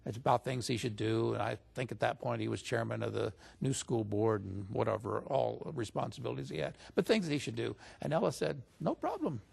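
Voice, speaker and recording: A man recounting a personal story in a relaxed interview. His voice is strongly gravelly with a husky edge, and it rises into animated quoting whenever he speaks for others. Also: mid-range voice, a little fast, few pauses. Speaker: interview guest recounting stories.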